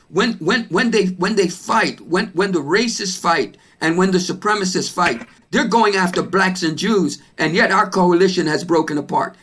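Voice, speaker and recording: A man speaking as a panel guest on a video call, loud and excited, often repeating words as he builds momentum. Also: high voice, husky.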